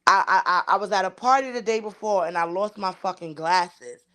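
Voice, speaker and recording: A woman's voice: mid-range voice, normal speed, bright, forceful tone. Profane, emphatic woman telling a story. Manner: profane and emphatic, acts out quoted dialogue. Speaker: podcast co-host. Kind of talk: casual storytelling chat.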